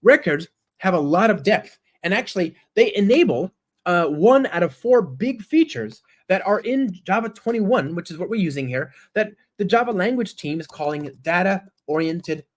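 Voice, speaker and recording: A man's voice: high-pitched, expressive, normal speed. A man giving a live-coding presentation at a conference, chatty and enthusiastic, often checking in with the audience with "right?" and "okay?" while he types code aloud. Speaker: conference speaker.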